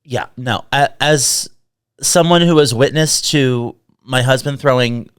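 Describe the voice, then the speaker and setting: A woman co-hosting a podcast, chiming in with quick, witty remarks. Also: extremely low pitch, smooth, dry recording, clean studio sound. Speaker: podcast co-host. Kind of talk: casual chat.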